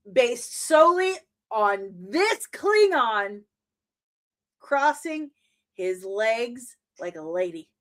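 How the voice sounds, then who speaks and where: A woman in her forties hosting a casual reaction to a trailer, animated and exclamatory with mock outrage. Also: a little high, drawn-out words. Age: 40s.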